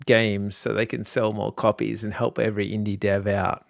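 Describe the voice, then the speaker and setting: A man's voice: lowish voice, level tone, moderate pace, gravelly, no echo, studio quality. A man co-hosting a casual podcast who rambles with lots of restarts and likes to joke. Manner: rambling with many restarts, joking. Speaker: podcast co-host. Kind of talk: casual chat.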